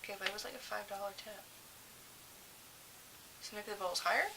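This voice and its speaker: A woman's voice: mid-range voice, fairly quick, gravelly, background noise. A young woman co-hosting a casual chat, telling giggly, profane stories about serving tables. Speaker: co-host.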